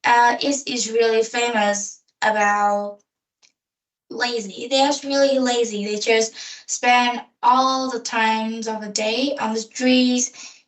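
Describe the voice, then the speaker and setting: A woman answers practice questions in slow, hesitant English with a slightly high voice. She sounds distant from the microphone in an echoey room. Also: fairly even intonation. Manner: hesitant, halting learner English with pauses. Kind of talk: English speaking practice conversation. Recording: echoey room, voice far from mic.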